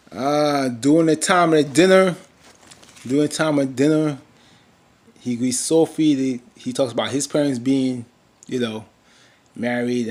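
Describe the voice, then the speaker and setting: With a medium-pitched voice, a man casually recaps an episode of a TV drama. He rambles, restarts often, leans on fillers, and briefly imitates the characters.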